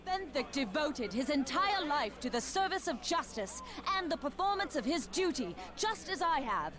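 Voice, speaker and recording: A woman's voice: sits high, very animated, normal speed. An actress playing a grieving, angry female paladin of justice who speaks in a solemn, bitter, questioning way. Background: game music.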